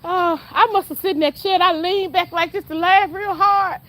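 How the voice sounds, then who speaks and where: A woman's voice: very high-pitched, fairly even intonation, moderate pace, bright, forceful tone. A woman vlogging outdoors in a yard, chatting to her viewers and laughing a lot as she talks. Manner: chatty, full of laughter, speaks straight to the viewers. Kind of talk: casual outdoor vlog chat.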